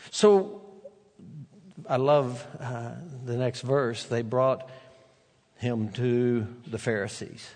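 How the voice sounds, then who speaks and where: A man preaching a sermon, retelling a scripture story with animated voices for the characters. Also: medium pitch, very slow, pauses often. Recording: long reverb of a large hall.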